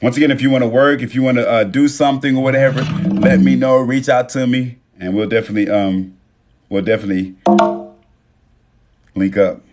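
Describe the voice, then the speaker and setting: A man's voice: medium pitch, fairly even intonation, a little fast, loud music behind the voice. A man hosting a phone live stream, speaking casually and emotionally, swearing freely and thanking viewers by name. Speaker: livestream host.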